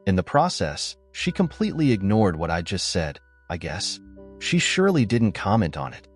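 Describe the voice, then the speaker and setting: A man telling a first-person story in a low voice that swings lively in pitch. He delivers the husband's lines bluntly, with an angry, sarcastic edge. Faint music plays underneath. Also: moderate pace. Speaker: narrator.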